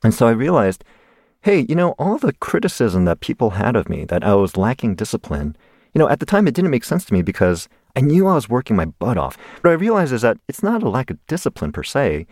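A man's voice: medium pitch, huge pitch swings, fast, darkish tone, no echo, clean studio sound. A man in his forties from the United States, a guest in an interview telling a personal story animatedly and laughing along the way.

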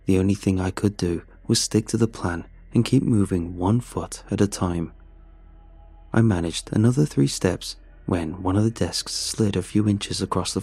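Deep gravelly male horror narrator. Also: dark tone. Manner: measured, tense storytelling.

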